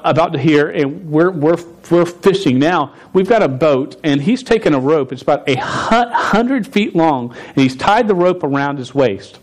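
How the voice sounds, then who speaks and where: A man in his forties telling a story in a sermon, animated, stumbling and restarting his words as he goes. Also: a little high. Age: 40s. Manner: stuttering with frequent restarts. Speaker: pastor.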